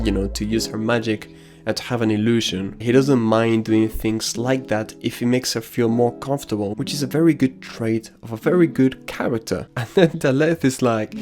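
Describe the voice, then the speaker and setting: A man's voice: mid-range voice, fairly even intonation, normal speed, darkish tone, faint music behind. A man giving casual, slangy commentary on an anime and telling personal anecdotes. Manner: casual and slangy, drops crude asides.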